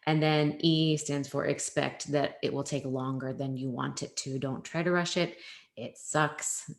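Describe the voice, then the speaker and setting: Low-pitched young mom chatting in an interview, laughy, acts out quotes. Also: female voice, fairly even intonation, unhurried. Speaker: interview guest, former teacher and parent. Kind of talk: casual interview chat.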